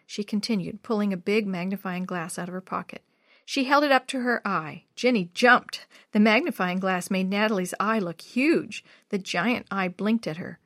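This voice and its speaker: Woman narrator for a kids' storybook, gentle and expressive, dry close sound. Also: medium pitch, normal speed, no room sound. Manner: gentle, expressive read-aloud. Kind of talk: storybook reading.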